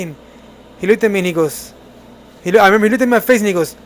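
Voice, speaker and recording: Young man, podcast co-host, high voice, animated, casual storytelling. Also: rapid-fire, long pauses, a little hiss or hum. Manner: animated, laughs while telling family stories.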